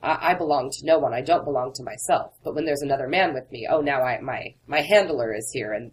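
Deep-ish woman author being interviewed, earnest, telling stories straight. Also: brisk, slight background noise, rough recording. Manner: earnest, candid storytelling. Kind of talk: interview conversation.

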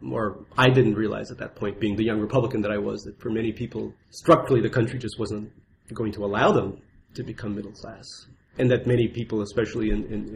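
A middle-aged man from Russia with a Russian accent, an author talking quickly and self-mockingly in an interview at his apartment, with lots of restarts. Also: lowish voice, gravelly, slight background noise. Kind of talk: conversational interview.

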